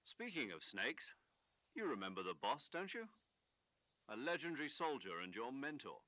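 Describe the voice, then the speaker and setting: An actor playing a commanding officer giving a mission briefing in a video game cutscene, brisk and lively. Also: male voice, medium pitch, no room sound. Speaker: game character.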